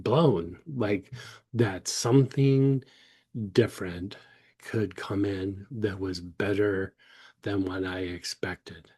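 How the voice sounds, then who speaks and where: Male host, lowish husky voice, casual personal anecdote with lively quoted dialogue. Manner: rambling, many restarts, animated retelling of dialogue.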